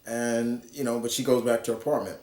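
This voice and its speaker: A man's voice: mid-range voice, little pitch movement, fairly quick, a little mellow. A man casually reviewing a comic book, rambling with lots of fillers and restarts. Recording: roomy echo.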